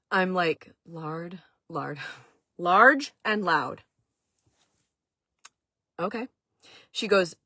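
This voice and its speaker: Woman, husky voice, dry close sound, chatty storytelling, lots of fillers. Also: mid-range voice, a bit bright, dry recording. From Maine. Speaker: vlog host. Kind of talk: casual storytelling.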